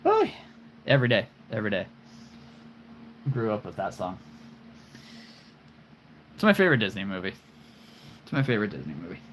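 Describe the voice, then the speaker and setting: A man's voice: lowish voice, huge pitch swings, normal speed, pauses often, fairly bright tone, a little hiss or hum. A man in his forties hosting a live stream, chatting casually and playfully about his collection, rambling with chuckles and puns.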